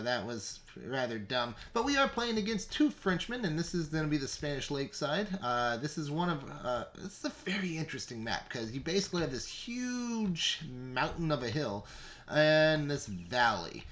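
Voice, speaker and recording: A man's voice: medium pitch, very animated, moderate pace, fairly bright tone. A young man giving casual, rambling commentary on a strategy game match, with frequent fillers and self-corrections. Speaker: gameplay commentator.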